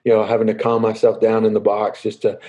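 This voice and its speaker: A young man answering interview questions in an easygoing, halting way with many fillers. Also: on the low side, monotone, warm tone, muffled recording. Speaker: guest, professional baseball player.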